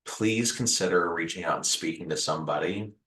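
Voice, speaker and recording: A man with a low voice speaks fairly quickly while hosting a video about recovering from a house fire, earnestly reassuring the viewer. His gentle delivery features repeated phrasing and the occasional "uh," captured on a low-quality, reverberant recording.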